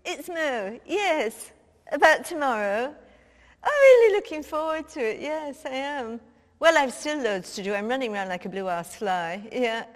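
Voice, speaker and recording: A woman plays a brash, cheeky middle-aged cabinet minister making breezy phone calls, blunt and quick to swear. Her voice sits high and swoops widely, and she takes her time over the words. A long hall reverb trails behind her. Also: lively intonation. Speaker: comedian. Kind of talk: comic phone-call sketch.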